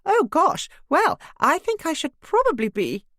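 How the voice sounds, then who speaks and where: A well-to-do neighbour, tactful and breezy, in a cut-glass voice pitched up high, as a woman reading aloud puts her on. Her lines swing brightly up and down. The recording is dry and close. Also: huge pitch swings, moderate pace, no room sound. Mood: polite.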